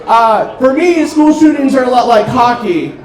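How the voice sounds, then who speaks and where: A man doing a stand-up set, telling dark jokes in a deadpan way with frequent ums, on a restaurant comedy stage. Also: extremely high pitch, moderate pace. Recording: roomy club, distant mic, crowd noise. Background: audience laughter.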